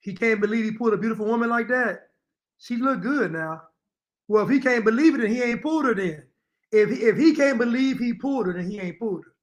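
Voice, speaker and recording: A man's voice: extremely high pitch, fast talker. A man giving opinionated reaction commentary to viewers, repeating his points and addressing them directly. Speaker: commentary streamer.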